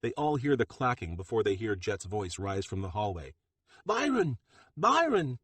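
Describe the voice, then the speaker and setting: Male audiobook narrator, low voice, dry close studio sound, steady delivery. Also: dry recording. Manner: steady, measured storytelling. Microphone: close studio mic.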